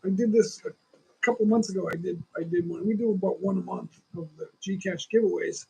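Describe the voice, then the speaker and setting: This man in his sixties, hosting a casual livestream, has a high, mellow, husky voice with vocal fry and talks fairly quickly. He rambles and opines straight to his viewers, a lingering cough showing through the low-quality recording.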